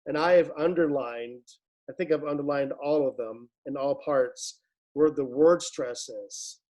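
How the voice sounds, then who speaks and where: A man leading a choir rehearsal, explaining a piece with many pauses and restarts and singing short phrases to show the point. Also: medium pitch, darkish tone, low-quality recording. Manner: halting, many fillers and restarts, sings short phrases to demonstrate. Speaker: choir director. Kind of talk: rehearsal instruction.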